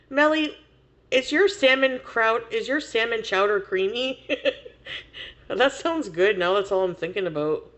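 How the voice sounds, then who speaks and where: A woman's voice: a little high, lively intonation, slow pace, pauses often. A woman livestreamer chatting casually with viewers, laughing often and swearing freely.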